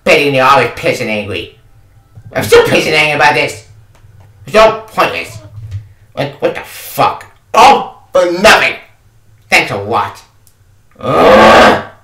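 A man's voice: mid-range voice, lively intonation, unhurried, long pauses, sharp tone, distant mic. A man ranting about a game he reviews, exasperated and swearing, often repeating himself. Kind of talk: angry review rant. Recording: echoey room, away from the mic.

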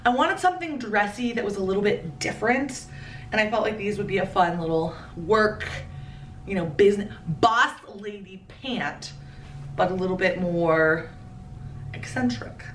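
A woman in her thirties chats playfully through a clothing haul, tossing in quick asides. Her voice is at an ordinary pitch for a woman. She is recorded a little away from the mic in a room with a clear echo and a faint ambient hiss. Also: a bit bright, far from the mic. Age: 30s. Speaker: fashion vlogger. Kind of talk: casual haul commentary.

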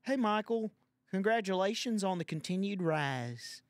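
A man's voice: sits high, animated, measured pace, no room sound, clean studio sound, pitched above the performer's own voice. A man voicing a polite, earnest male fan in a stiff, formal, raised voice.

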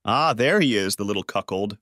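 Man playing arrogant middle-aged lawyer, sneering, menacing, animated pitch, dry recording. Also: brisk, dry recording. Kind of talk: audiobook character voice.

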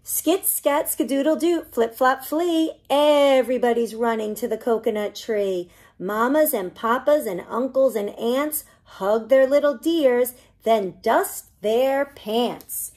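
Animated woman reading to toddlers. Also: fairly high pitch, slow. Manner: animated storytelling, singsong and expressive. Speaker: children's librarian. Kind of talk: reading a picture book aloud to preschoolers. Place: library program recorded for online viewing.

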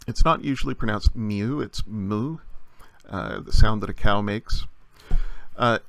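A man with a low voice teaches a lesson slowly and patiently, often pausing on "uh" as he explains. The sound is dry and close, with no room around it. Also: fairly bright tone, no echo. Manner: patient explaining with many uh fillers. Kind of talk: recorded language lesson.

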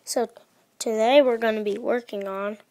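Woman, gaming vlogger, fairly high voice, gravelly, halting casual commentary, desk mic. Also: fairly even intonation, no echo. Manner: chatty, halting, often drops to a hush. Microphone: own desk microphone.

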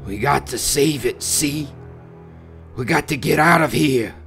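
A man voicing a desperate shipwrecked sailor with a cracked, rasping voice and rough working-class speech, half-mad with thirst. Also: a little high, unhurried, a bit bright, faint music behind. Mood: snarling.

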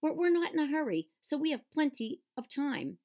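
A woman's voice: high-pitched, sing-song, moderate pace, darkish tone, voice pushed up. A woman reading aloud and voicing a teasing, lazy female mole.

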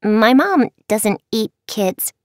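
Woman reader as little girl, sweet, eager, high pitched, storybook. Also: expressive, moderate pace, creaky, dry recording, studio quality. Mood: cheerful. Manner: bright, eager.

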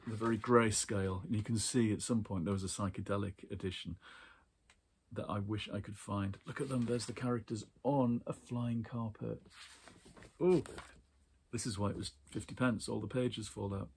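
A man casually chatting about books from his shelves, rambling warmly with fillers and small laughs. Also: fairly low pitch, fairly even intonation, normal speed, a little hiss or hum. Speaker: book vlogger. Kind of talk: casual book chat and reading aloud.

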